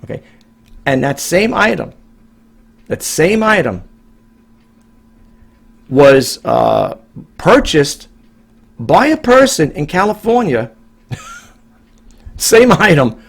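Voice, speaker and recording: Here the New York reseller vlogger, a middle-aged man, sounds husky and somewhat high, with vocal fry. He chats casually to viewers in an off-the-cuff monologue, rambling, pressing his points, saying things twice and starting sentences over.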